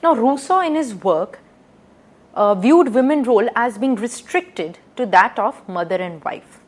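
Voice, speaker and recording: A woman lecturing to students, reading out quotations and explaining them with rhetorical questions and frequent pauses. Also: on the high side, lively intonation. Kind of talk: recorded lecture.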